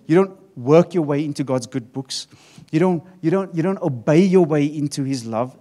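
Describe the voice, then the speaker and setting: A middle-aged man preaching a sermon as pastor, animated, often repeating and restarting his phrases. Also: fairly high pitch.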